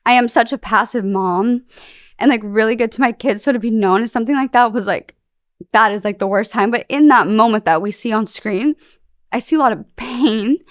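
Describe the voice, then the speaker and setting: A woman's voice: a little high, a little fast, no room sound, clean studio sound. A young woman talking candidly as a podcast guest, rambling and emotional, with plenty of fillers. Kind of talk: candid interview talk.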